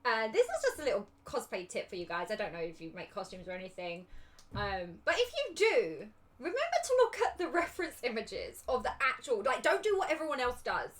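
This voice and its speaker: A woman's voice: on the high side, huge pitch swings, brisk, fairly bright tone. A young woman with an English accent, chatting casually on a livestream as a cosplay judge while she works on a craft project. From England. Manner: chatty, giggly, rambling.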